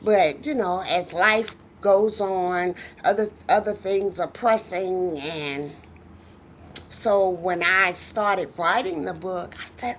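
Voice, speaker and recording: A woman's voice: fairly low pitch, unhurried, a little hiss or hum. A middle-aged woman, a guest author, telling stories in a casual interview and acting out the voices of the people she quotes.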